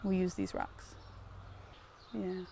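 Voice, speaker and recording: A woman's voice: on the low side, takes it slowly, vocal fry, a little hiss or hum. A young woman from Hawaii, a pig farmer telling stories casually and animatedly on a farm tour. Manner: animated, lots of "like", acts out sounds. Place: outdoors on a farm.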